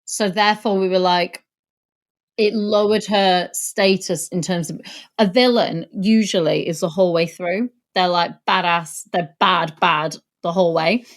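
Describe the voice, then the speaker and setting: A woman's voice: on the low side, fairly even intonation, unhurried. A woman co-hosting a podcast in casual chat, blunt and given to explaining her reasons at length. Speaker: podcast co-host.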